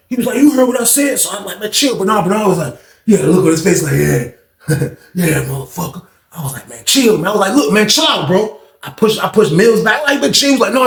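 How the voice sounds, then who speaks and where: A man casually telling a long story, acting out other people's lines and rising to shouts at the tense parts. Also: on the high side, vocal fry, reverberant. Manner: animated retelling, acts out others' voices, rises to shouting.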